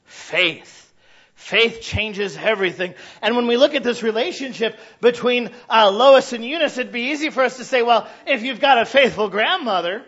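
High-voiced guy in his 30s preaching, storytelling and yelling out the parent bits, kinda muffled recording. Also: normal speed, slightly rough. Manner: animated storytelling, acting out parents' shouts. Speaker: pastor. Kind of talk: sermon.

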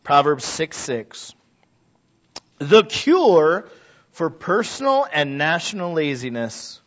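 Man, pastor, high voice, sermon, conversational then loud and urging, muffled lo-fi recording. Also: sing-song, slow pace. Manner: conversational preaching, builds to loud exhortation. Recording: dull lo-fi recording.

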